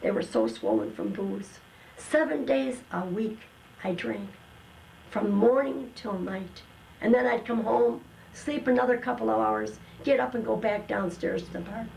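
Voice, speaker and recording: An older woman telling her personal testimony in an earnest, emotional way, with slow dramatic pauses. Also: on the high side, expressive, creaky, darkish tone, a little hiss or hum, low-quality recording. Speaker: testimony guest.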